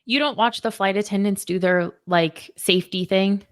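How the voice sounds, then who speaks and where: Woman co-hosting a radio show, reads the news then chats and laughs a lot, normal pitch. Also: moderate pace. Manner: laughing, chatty. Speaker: radio co-host, news reader. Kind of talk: casual chat and news reading. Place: radio studio.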